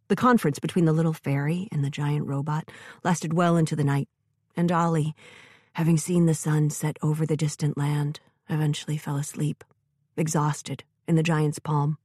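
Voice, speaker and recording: Woman reading a story, lowish warm voice, dry close sound. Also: level tone, moderate pace, husky, no room sound. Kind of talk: scripted story narration.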